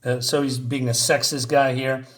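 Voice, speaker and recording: In a level, mid-range voice, a man casually reviews a comic book by retelling its panels. His delivery is halting, full of fillers and restarts, with chuckling asides mixed in.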